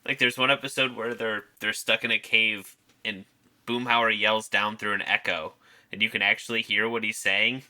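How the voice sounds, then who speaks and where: Male podcast co-host, very bright sharp tone, loose filler-heavy storytelling. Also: lowish voice, flat delivery, normal speed. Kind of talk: casual movie-review chat.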